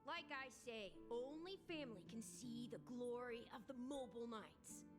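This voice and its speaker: A woman's voice: on the high side, moderate pace, in a large hall, lightly acted. An actress playing a proud, boastful young woman in power armor in a video game, speaking in a bossy, self-satisfied way. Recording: game audio with clear background music.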